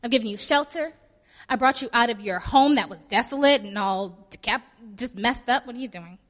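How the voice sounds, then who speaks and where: A woman acting out a boastful ancient king who swaggers and coaxes in slang. The voice is high and bright, with plenty of bite. A long hall echo hangs behind every line. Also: fairly quick, lightly acted. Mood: coaxing.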